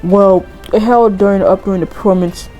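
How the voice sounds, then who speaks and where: A woman voicing a grieving, evasive adult male drama teacher, reading game dialogue aloud slowly in a put-on accent. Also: mid-range voice, fairly even intonation, warm tone, faint music behind, natural voice, rough recording. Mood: halting, sorrowful.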